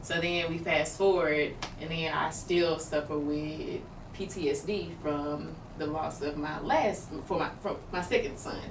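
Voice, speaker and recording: In a low, steady voice and a slightly slow pace, a podcast co-host talks frankly about what she's been going through. Her speech rambles with lots of fillers, and the audio sounds roomy and far off with noise behind it.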